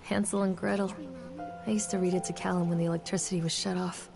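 A woman's voice: fairly low pitch, flat delivery, fast, gravelly. An actress playing a mother in a game, speaking a wistful, reflective monologue. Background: music.

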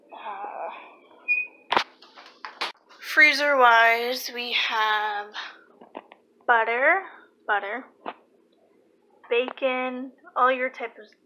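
A young woman talking casually to camera in a home vlog, chatty and pausing to search for words. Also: sits high, bright, forceful tone. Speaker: vlogger. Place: home, kitchen. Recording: noisy home ambience.

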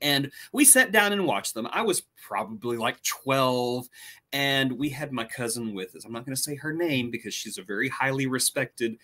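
A man in his forties with a bright, slightly high voice, telling a story with lots of rise and fall. He talks with easy enthusiasm as a co-host. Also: animated, moderate pace. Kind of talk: casual storytelling chat.

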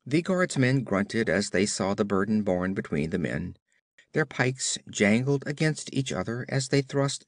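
Expressive male audiobook narrator, low voice. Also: no room sound, studio quality. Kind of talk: scripted narration.

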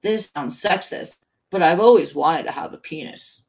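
A woman's voice: sits low, moderate pace, darkish tone. A woman voicing a woman speaking through a grizzled old male cop, gushing and theatrical.

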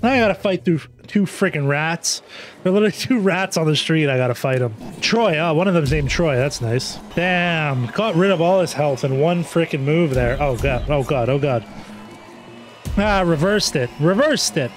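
A man hosting a casual let's-play, joking around and reacting excitedly to the game. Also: fairly high pitch, moderate pace. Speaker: gaming YouTuber host. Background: faint game music.

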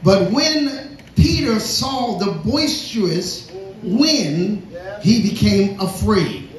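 A man's voice: high-pitched, animated, very slow. A man preaching a sermon in a church. He reads scripture, repeats words for emphasis and calls on the congregation to respond. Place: church sanctuary. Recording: echoey church hall.

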